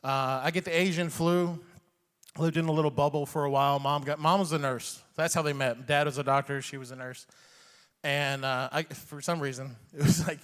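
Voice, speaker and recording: A man's voice: a little high, moderate pace, clear, resonant tone. Storytelling man in a reverberant room. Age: 40s. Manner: rambling and animated, chuckling, acts out quotes. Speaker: comedian. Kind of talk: personal storytelling.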